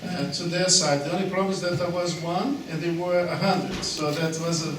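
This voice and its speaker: A man giving a halting speech at a seminar, full of fillers, praising a colleague. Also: fairly high pitch, fairly even intonation. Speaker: seminar speaker, law professor. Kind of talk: public speech. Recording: echoey hall, distant mic, noise.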